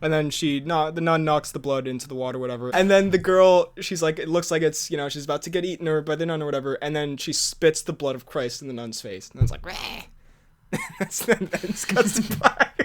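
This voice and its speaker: A man's voice: on the high side, a little fast, hardly any pauses. Rambling, laughing podcast guy. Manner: rambling, animated storytelling with laughs. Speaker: podcast co-host. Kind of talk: casual chat.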